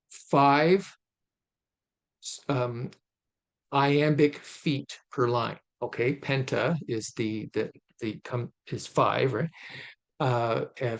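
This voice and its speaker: A man giving an informal recorded lecture on poetry over slides, thoughtful, with frequent fillers and restarts, slowing down to stress syllables. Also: mid-range voice. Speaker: literature lecturer.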